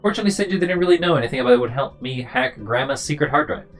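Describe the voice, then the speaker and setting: A streamer voicing an earnest young man looking into his grandmother's past, read briskly and plainly from game dialogue. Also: mid-range voice, creaky, faint music behind. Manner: brisk, flat dialogue reading. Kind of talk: reading game dialogue aloud.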